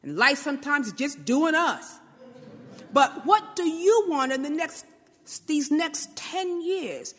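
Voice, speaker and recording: Speaking slowly in a high, animated voice, the Brooklyn woman gives her informal motivational talk in a large hall. She's conversational, tosses in "right?" again and again, and performs little quotations, New York style.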